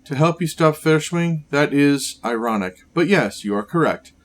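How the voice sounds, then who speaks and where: A man voicing a gaunt, sickly male scientist villain, reading game dialogue aloud in a grave, measured way. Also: on the high side, expressive, natural voice.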